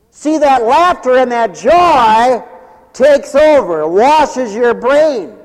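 Fervent high-voiced male preacher in a hall. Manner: fervent, swings from high exclamations to low muttered asides; repetitive, rhythmic phrasing with interjected hallelujahs. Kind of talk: revival sermon. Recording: long hall reverb.

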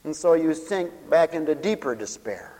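Animated preaching man in an echoey hall. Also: a little high, normal speed. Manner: swings from shouting to mumbling, acts out scenes, laughs often. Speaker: pastor. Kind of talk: lively sermon.

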